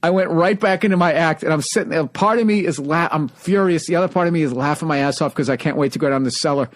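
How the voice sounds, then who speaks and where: A man hosting a podcast, telling profane, animated stand-up stories in casual chat. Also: on the high side, fast talker. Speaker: podcast host, stand-up comedian.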